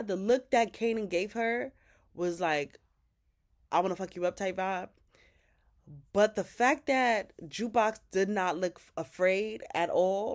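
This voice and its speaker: A woman giving a casual, chatty episode recap, retelling scenes with quoted dialogue, slang and opinionated asides. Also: medium pitch. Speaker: TV recap host.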